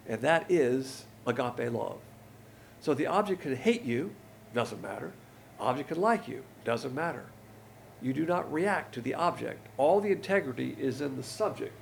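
A man teaches a Bible lesson in a gravelly voice with some creak to it. He sits at a middle pitch and explains scripture point by point. He shifts the stress in his voice to show what he means. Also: a little hiss or hum.

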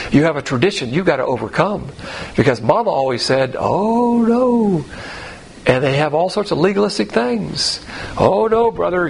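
A man with a slightly high, creaky voice teaches the Bible verse by verse, blunt and folksy, piling up rhetorical questions and acting out the voices in his quotes. The recording is rough, with a little background noise.

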